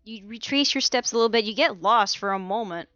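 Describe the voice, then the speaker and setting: A woman narrating a tabletop game as game master in a lively, casual way. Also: on the high side, a little fast, no echo, highs cut off.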